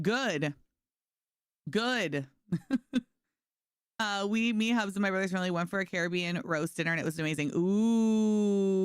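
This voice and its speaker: Her voice is fairly low in pitch, a bit bright and clean in tone, captured in clean studio sound with no echo. A young streamer, she plays a game while chatting bubbly and casually with her viewers and her dog, leaning heavily on "like".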